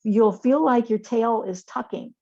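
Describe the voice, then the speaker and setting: A woman teaching a chair yoga class, giving calm, soothing spoken guidance through breath and poses. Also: on the high side, a little slow, dull audio.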